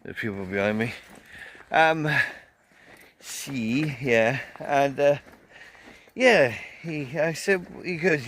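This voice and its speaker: A man's voice: medium pitch, expressive, slow pace, pauses often, fairly bright tone, a little hiss or hum. A man vlogging a casual, rambling festival review, swearing often and telling a story full of fillers.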